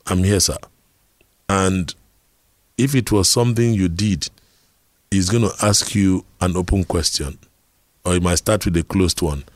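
Speaking slowly with long pauses in a deep voice, a middle-aged Nigerian man delivers an earnest talk about communication. He draws on personal stories and rhetorical questions, and the studio sound is clean with no echo.

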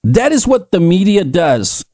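Fervent preaching man, slightly high voice. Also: sing-song, a little slow, a little mellow, no echo. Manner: emphatic, repetitive, rising into fervent declarations. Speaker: podcast host and preacher. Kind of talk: preaching commentary.

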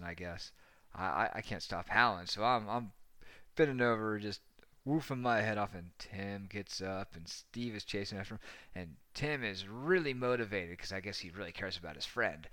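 A young man recounts a rowdy anecdote in loose, rambling fashion, swearing and laughing as he goes. His voice is bright and forceful, recorded dry and close. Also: lowish voice, normal speed, no room sound. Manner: rambling, profane, laughing often. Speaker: storyteller. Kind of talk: casual anecdote telling.

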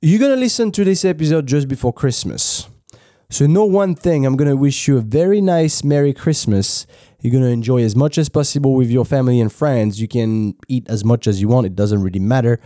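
This podcast host is a Frenchman with a French accent, giving laid-back advice in a casual monologue, swearing freely and often restarting sentences. His warm, medium-pitched voice runs a little fast, recorded dry with studio quality.

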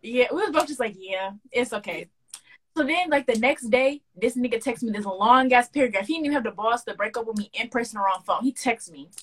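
A young woman co-hosting a casual podcast, telling a story with lively slang and acting out the quoted dialogue. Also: a little high, a little fast, husky. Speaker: podcast co-host.

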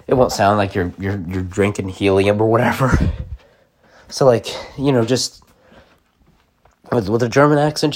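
A young man rambling casually to camera, full of likes and restarts. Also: on the low side.

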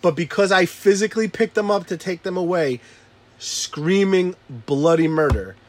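A man in his thirties, a father, telling a story in profane casual chat and acting out his shouting kids and himself. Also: sits high, normal speed. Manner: animated, acts out his kids and himself yelling.

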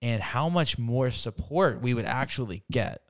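A man chatting as a guest on a podcast, his voice smooth and resonant at a middle pitch. He rambles through fillers and breaks into laughter as he retells stories. The sound is close and dry. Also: expressive, measured pace, no room sound. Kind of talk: casual podcast chat.

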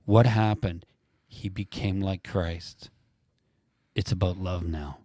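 A man hosting a faith conversation, reading quotes slowly and emphatically like a preacher. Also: low voice, steady tone, mellow, no echo. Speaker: podcast host.

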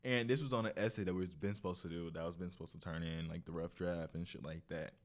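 A young man hosting a solo podcast, telling stories in a casual, profane, animated way, full of slang. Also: low voice, quick pace. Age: young adult. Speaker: podcast host.

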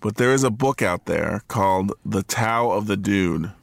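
Gravelly low-voiced man, dry banter. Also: lively intonation, unhurried, no room sound. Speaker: podcast co-host. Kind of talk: casual chat.

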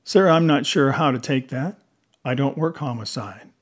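Brief: worn-out wry young detective, dry delivery, husky voice, read by a man. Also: medium pitch, moderate pace, close to an everyday voice. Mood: weary. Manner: weary, dry.

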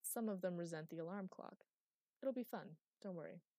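A woman's voice: lowish voice, moderate pace, mellow, no room sound, lightly acted. Brief: teasing, evasive immortal mistress of a magic library, audiobook, read by a woman; dry close sound.

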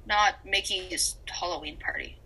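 A young woman co-hosting a podcast in casual chat, giggly and gushing with excitement. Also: on the low side, unhurried, background noise. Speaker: podcast co-host.

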